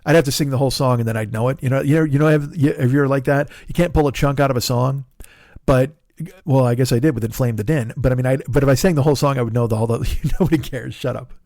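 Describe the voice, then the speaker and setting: Gravelly, profane middle-aged comedian. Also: male voice, medium pitch, fast, a little mellow, dry recording. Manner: rambling, profane, self-deprecating storytelling. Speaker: comedian and podcast host. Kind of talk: casual comedic monologue.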